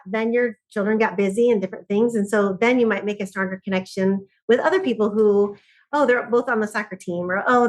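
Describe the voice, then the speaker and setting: A middle-aged woman, a podcast guest who speaks on joy and laughter, telling stories in lively conversation and often laughing. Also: a little high. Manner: animated storyteller, often laughing.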